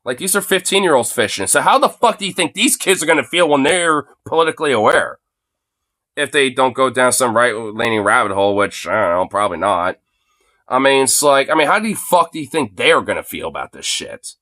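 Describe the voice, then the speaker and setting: A man in his late twenties rants angrily into his phone, swearing constantly and leaning on filler words. His voice sits at a mid pitch. The sound is close and dry, with no room echo. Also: expressive, a little fast, pushed and bright. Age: late 20s. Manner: profane, heavy fillers like "you know" and "dude". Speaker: livestreamer. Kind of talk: angry ranting monologue.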